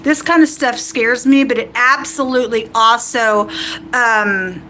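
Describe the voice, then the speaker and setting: Woman, high voice, fiery preachy livestream host, warns and quotes scripture, faint hiss behind. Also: steady tone, a little slow, bright, forceful tone, rough recording. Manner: fiery and warning, quoting scripture.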